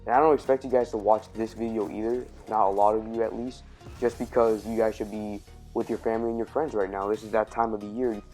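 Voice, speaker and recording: Young man, lowish voice, loose chatty storyteller who corrects himself, light music bed. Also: little pitch movement, fast talker, a little mellow. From Cuban family. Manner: rambling, filler-heavy, self-correcting. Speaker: YouTube storyteller. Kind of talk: casual storytime vlog.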